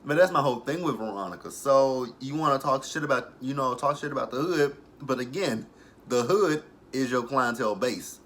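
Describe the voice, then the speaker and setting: A young man recapping a TV episode in a loose, animated way. He curses freely and keeps cracking up, and his voice sits at an ordinary middle pitch. There is a faint hiss in the background. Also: normal speed. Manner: profane, animated storytelling, frequent laughter. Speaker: TV episode reviewer.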